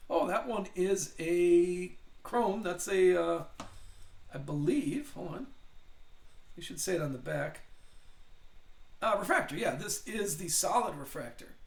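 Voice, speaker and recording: A man's voice: sits high, expressive, unhurried, vocal fry, pauses often. Chatty older man hosting a card break. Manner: chatty, rambling, reads out player names. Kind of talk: live card break commentary. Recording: echoey room.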